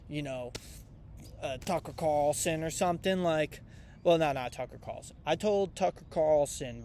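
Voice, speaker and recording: Young male vlogger, slightly high, loose rambling delivery, faint outdoor noise. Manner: rambling, loose and irreverent, lots of fillers. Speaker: vlogger reviewing piano books. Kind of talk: casual rambling vlog.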